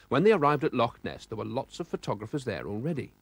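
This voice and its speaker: A man narrating a children's storybook in an expressive, animated way. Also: medium pitch, fast, vocal fry, few pauses, husky, no room sound.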